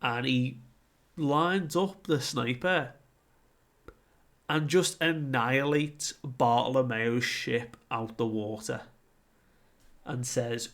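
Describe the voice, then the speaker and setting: A young man recapping and commenting on a comic chapter in a relaxed, chatty way, full of "like". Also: medium pitch, slow, long pauses. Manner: relaxed, filler-heavy retelling with frequent "like". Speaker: manga reviewer.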